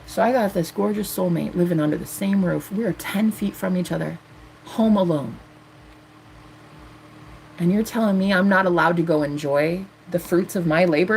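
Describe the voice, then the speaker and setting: A woman's voice: fairly low pitch, normal speed, slightly rough. A woman in her thirties ranting defiantly on a live stream as a tarot reader. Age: 30s.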